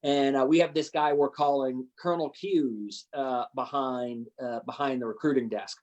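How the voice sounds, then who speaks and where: A man chatting casually as a panel guest, jokey, with halting restarts. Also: medium pitch, steady tone, a little mellow, lo-fi sound. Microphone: video call.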